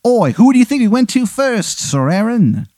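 A man doing a shrill fake-English ghost king. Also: sing-song, normal speed, dark tone, no echo, clean studio sound. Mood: pleading. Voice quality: bad put-on English accent.

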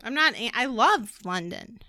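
An American woman co-hosting a podcast in casual chat, playful and quick to joke. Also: a little high, lively intonation, pushed and bright, dry recording, studio quality. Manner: playful, joking, giggly. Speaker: podcast co-host.

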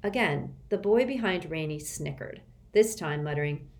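A woman's voice: low-pitched, moderate pace. A woman reading a children's novel aloud as an audiobook narrator. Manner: expressive storytelling.

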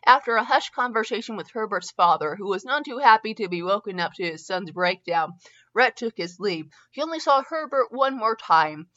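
A middle-aged woman reads a fanfiction story aloud, her voice bright and sharp. She often trips over words and starts again. The recording is muffled and lo-fi. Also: medium pitch. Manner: stumbles and restarts often, chatty asides. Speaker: fanfiction reader and podcast host. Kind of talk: reading a story aloud with asides.

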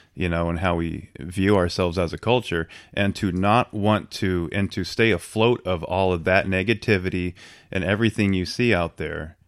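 Deep voiced guy talking thoughtfully, lots of uhs, dry close sound. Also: dry recording. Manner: reflective, hesitant, many "uh"s. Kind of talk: casual chat.

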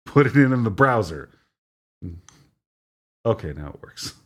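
A man co-hosting a casual podcast, talking in a relaxed way with plenty of fillers. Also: on the low side, takes it slowly. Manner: relaxed, many fillers and restarts. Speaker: podcast co-host.

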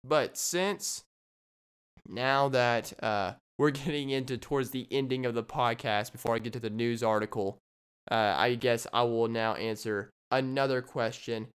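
A man hosting his own podcast, talking alone in a rambling, jokey way as he riffs on silly ideas. His voice is smooth and clear, at a middling pitch. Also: steady tone, measured pace. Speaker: podcast host. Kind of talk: solo comedic podcast monologue.

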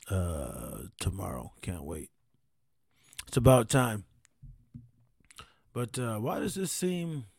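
A man's voice: mid-range voice, dark tone, dry recording, studio quality. A man hosting his own podcast, rambling casually and swearing as he jokes to camera. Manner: rambling, profane and joking. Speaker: podcast host. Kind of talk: casual solo podcast chat. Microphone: studio mic on camera.

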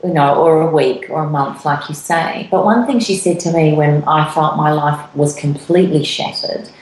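Low-voiced woman podcast host, roomy sound. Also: moderate pace, a little hiss or hum. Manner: warm storytelling, repeats phrases as she gathers thoughts. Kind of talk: reflective podcast conversation.

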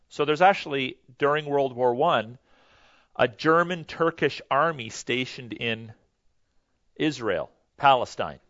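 A man teaching a history lesson in a loose, conversational way, pausing with fillers and correcting himself as he goes. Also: mid-range voice, a bit bright, dry recording, highs cut off. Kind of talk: history lecture to a class.

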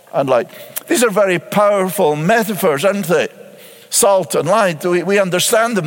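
High-voiced pastor preaching in a reverberant hall. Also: male voice, fairly bright tone. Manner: emphatic preaching with repeated phrases and rhetorical questions. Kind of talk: sermon.

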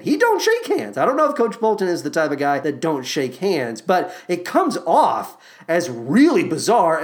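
A woman hosting a podcast, giving sarcastic, profane commentary on a movie with exaggerated asides. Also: low voice. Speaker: podcast host.

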